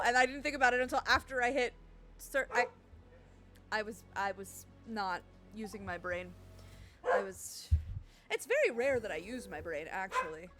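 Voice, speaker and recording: Bubbly high-voiced woman streaming a game. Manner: bubbly and excitable, chatting with viewers. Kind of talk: casual live-stream chat. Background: game music and barking dogs.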